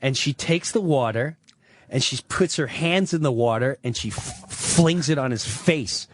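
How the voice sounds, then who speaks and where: A man's voice: mid-range voice, measured pace. A man telling a long personal story on a talk radio show, acting out what other people said. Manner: animated, acts out quoted voices.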